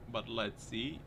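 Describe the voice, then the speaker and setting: A man hosting a casual video, laughing often and shouting at what he sees on screen, joking as he goes. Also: mid-range voice. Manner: laughs often, exclaims loudly at crashes; jokey, slips into silly put-on voices. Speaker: host. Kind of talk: casual commentary over clips. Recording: noisy background.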